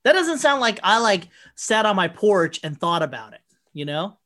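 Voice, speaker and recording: A man's voice: high-pitched, big pitch swings, moderate pace, bright, forceful tone. A man in casual podcast chat, rambling through stories and acting out the people he quotes, swearing freely.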